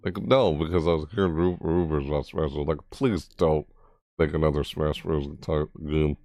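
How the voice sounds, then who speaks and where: A young man giving live reaction commentary, rambling and excitable, often breaking into laughter. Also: a bass voice, normal speed, no echo. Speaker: reaction streamer.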